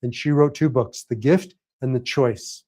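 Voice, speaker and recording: A man's voice: mid-range voice, a little slow, darkish tone. A middle-aged man giving a motivational talk as a coach for men, earnest and preacherly, leaning on emphatic repetition. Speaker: host and life coach for men.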